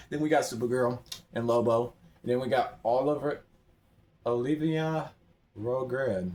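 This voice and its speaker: A man rambling through a game's item shop in casual commentary, excitable, his voice often jumping up high. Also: a little slow, pauses often. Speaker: gamer browsing an item shop.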